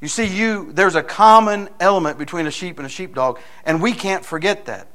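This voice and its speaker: A man preaching a sermon in a folksy storytelling manner, building to loud, emphatic points. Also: sits high, a little fast. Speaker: pastor.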